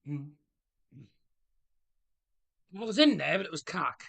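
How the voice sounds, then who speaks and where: A man hosting a live match watchalong, talking in a loose, rambling way with corny jokes. His voice sits a little high and sounds bright and forward. He breaks off to shout at the referee and the players. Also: sing-song, slow pace, creaky. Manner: chatty, rambling, jokey, reacts loudly to play. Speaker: livestream host. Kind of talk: casual match watchalong chat.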